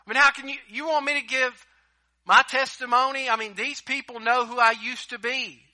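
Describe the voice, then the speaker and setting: A man's voice: sits high, a little slow, bright, forceful tone, exaggerated voice. A man preaching who voices a doubting, anxious man pleading with God that he is not good enough. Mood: incredulous. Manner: pleading, incredulous.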